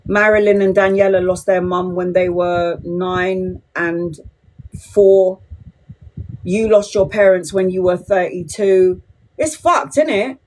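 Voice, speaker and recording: A woman's voice: fairly low pitch, little pitch movement, takes it slowly, a little mellow, a little hiss or hum. A woman, chatting bluntly and swearing freely with viewers as a tarot reader on a livestream. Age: 40s. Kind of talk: casual livestream chat to viewers.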